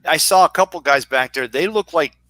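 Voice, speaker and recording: A man's voice: fairly high pitch, a little fast, sharp tone, dry recording. A man co-hosting a live-stream sports talk show, rambling and joking as he hunts for words. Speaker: co-host.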